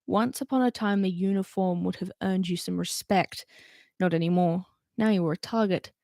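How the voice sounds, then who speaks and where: A woman's voice: lowish voice, normal speed, gravelly, mellow, no room sound. Woman reading a novel aloud, dry sound. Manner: chatty asides between passages. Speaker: reader.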